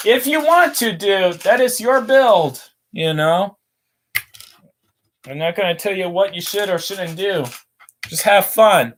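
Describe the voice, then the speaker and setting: Young male streamer, high-pitched voice, unhurried delivery, rambling casual rants while building. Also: lively intonation. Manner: rambling, ranting, reads chat aloud. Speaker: livestream host building toy models. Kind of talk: casual livestream chat.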